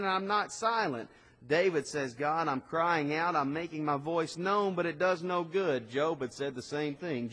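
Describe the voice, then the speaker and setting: A man preaching a sermon, swinging between loud emphatic lines and quiet passages. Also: fairly high pitch. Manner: dynamic preaching with swings in loudness. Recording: long hall reverb.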